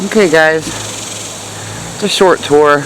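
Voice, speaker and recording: A woman's voice: sits low, slow pace, a bit bright, a little hiss or hum, low-quality recording. A woman giving a casual, chatty tour of her backyard garden in the heat, hot and sweaty and laughing at herself. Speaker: gardening vlogger.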